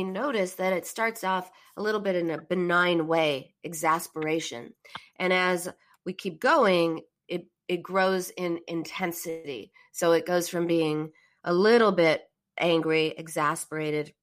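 A woman's voice: lowish voice, fairly even intonation, a little slow. Earnest woman host giving advice. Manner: earnest and encouraging, acts out emotional phrases. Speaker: therapist hosting a call-in live stream. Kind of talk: casual live-stream advice talk.

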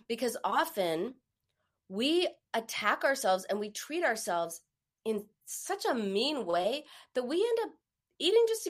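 A woman hosting a live-streamed self-help talk, speaking earnestly in a coaching manner and now and then acting out a harsh inner voice. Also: mid-range voice. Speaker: host of a live stream on emotional eating.

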